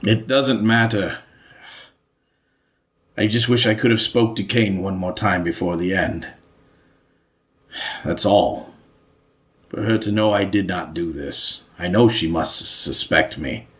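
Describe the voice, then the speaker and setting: A man's voice: sits low, unhurried, pauses often, a bit bright. A man voicing a weary, grieving king in a tabletop game. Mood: resigned. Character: weary aging human king, grieving and proud.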